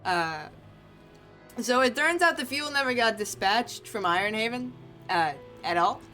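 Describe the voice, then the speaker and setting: A woman voicing a gruff, practical rig foreman with a put-on New York accent as she reads a game's dialogue aloud. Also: fairly high pitch, animated, unhurried, bright, forceful tone, faint music behind, pitched above the performer's own voice. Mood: matter-of-fact.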